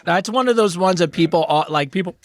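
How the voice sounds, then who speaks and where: A man's voice: high voice, fast, a little hiss or hum. A man co-hosting a podcast in casual chat, easygoing, often trailing off and restarting as he tells stories. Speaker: podcast co-host.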